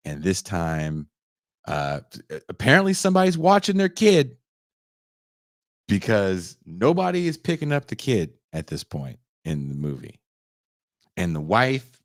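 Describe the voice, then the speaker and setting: A young man hosting a podcast, retelling a movie in casual, profane chat and putting on quick voices for its characters. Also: deep voice, no echo, studio quality. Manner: profane, animated storytelling with put-on character voices. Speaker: podcast host.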